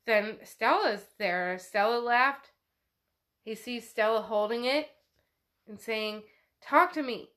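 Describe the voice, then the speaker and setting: A woman's voice: a little high, takes it slowly, long pauses, fairly bright tone. A woman casually retelling a novel chapter aloud, chatty and often laughing. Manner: chatty, laughing, uses "like" a lot. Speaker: book club host. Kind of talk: casual book recap.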